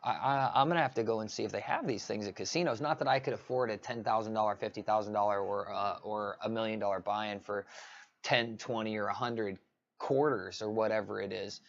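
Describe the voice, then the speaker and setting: A man's voice: fairly low pitch, fairly even intonation, a little fast, creaky, muffled recording. A man ranting casually on a livestream, rambling with many restarts. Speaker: live streamer.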